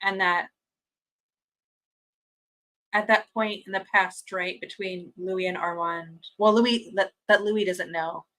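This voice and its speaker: Speaking slowly with long pauses, a woman with a lowish voice hosts a fan watch-party stream, chatting casually and reading viewer comments. She's gushing and excitable, laughs often and keeps restarting her sentences. The audio is poor.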